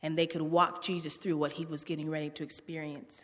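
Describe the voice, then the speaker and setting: Woman giving a sermon, lowish voice, kinda muffled, lots of hall echo. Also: flat delivery, fast talker. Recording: dull sound with long hall reverb.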